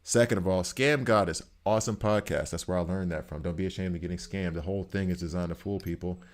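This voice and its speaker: Deep-voiced male streamer, casual and emphatic, animated storyteller. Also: fast. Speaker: gaming streamer. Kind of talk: casual chat while streaming a game.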